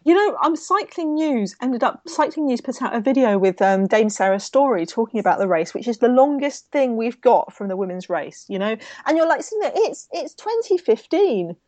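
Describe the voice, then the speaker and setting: A woman with a South East London accent co-hosts a casual podcast, talking in an indignant, ranting way. Her voice sits a little high, and the sound is dry and close. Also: very animated, moderate pace, hardly any pauses, a little mellow, dry recording. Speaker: podcast co-host.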